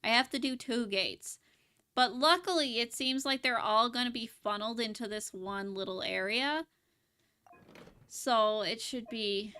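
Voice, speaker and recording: A woman's voice: a little high, sharp tone. A woman VTuber chatting casually while gaming, giggling often and rambling with restarts. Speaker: VTuber streamer. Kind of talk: casual live-stream chat while gaming.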